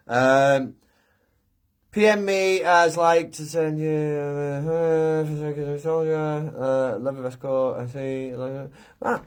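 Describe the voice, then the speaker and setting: A man hosting a live chat, talking gently and from the heart with many pauses and restarts. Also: on the high side, flat delivery, clear, resonant tone. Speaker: live stream host. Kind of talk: casual live chat, reading viewer comments.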